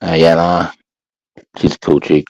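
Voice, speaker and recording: Australian male co-host, deep voice, dry close sound, blunt casual swearing. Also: level tone, unhurried, creaky, darkish tone, dry recording, highs cut off. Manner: blunt, swearing, says mate a lot. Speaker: livestream co-host. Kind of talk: casual chat.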